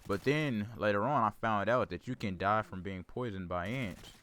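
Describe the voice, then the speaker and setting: Rambling man with a lowish voice. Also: normal speed, a bit bright. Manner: rambling, repeats words, self-corrects. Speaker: gaming channel host. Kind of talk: casual storytelling over gameplay commentary.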